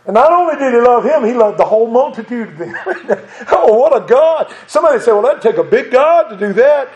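In an echoing sanctuary, a male preacher with a drawl and a high, light voice shifts from tender reflection to fervent, rousing preaching, chuckling now and then. He talks fairly quickly with big swings in pitch and a slightly mellow tone.

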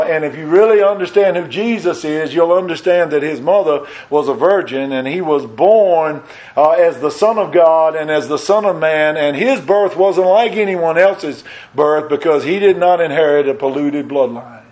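Middle-aged pastor, homespun sermon delivery, climbs louder and higher to drive points home, slightly raised voice. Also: male voice, rough recording. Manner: folksy preaching, rising in pitch and volume for emphasis, restarts. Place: church.

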